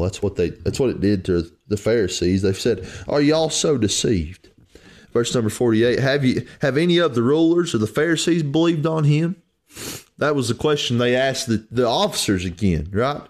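Fervent preacher with Southern drawl. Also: male voice. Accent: rural Southern US. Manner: fervent, swings high and low in pitch, folksy repeated "friend". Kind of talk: sermon.

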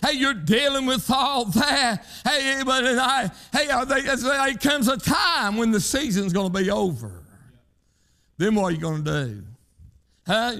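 A man preaching with a very high, bright, ringing voice. He drives his sermon in rhythmic bursts and keeps calling out "hey" and "huh" to the congregation. His speech is plain and down-home. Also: expressive, unhurried.

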